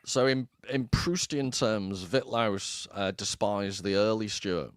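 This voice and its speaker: A man's voice: fairly low pitch, slow, clean tone, dry recording. Dry-voiced Irish man musing on books. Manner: wry, self-deprecating, digressive. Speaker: podcast co-host. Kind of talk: casual literary discussion.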